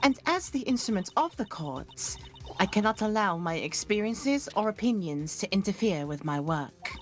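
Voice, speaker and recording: A woman voicing a stern, formal judge in a fan voice-acting stream of a game, speaking in measured legal language over faint music. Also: medium pitch, sing-song, natural voice.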